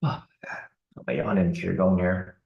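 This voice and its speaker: A man giving relaxed live commentary on a trading chart, thinking aloud with fillers. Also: sits low, moderate pace, reverberant, muffled recording. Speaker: trading streamer.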